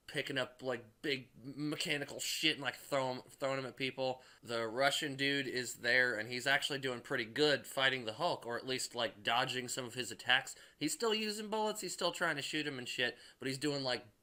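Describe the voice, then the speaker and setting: A man's voice: medium pitch, pushed and bright. A man casually recapping a movie in a rambling way, packed with filler words and swearing. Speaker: movie reviewer.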